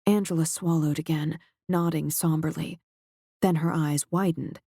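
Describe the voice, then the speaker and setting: A man narrating an audiobook in a measured, steady way, close to a studio mic. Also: on the high side, creaky, no room sound. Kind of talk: scripted narration.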